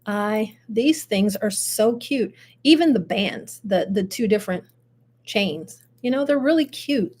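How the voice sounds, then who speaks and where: A woman's voice: mid-range voice, expressive, unhurried, a little mellow. An older woman with grandchildren, hosting a casual live stream, chatting and laughing as she greets her viewers. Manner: chatty, laughs often, addresses viewers directly. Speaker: host.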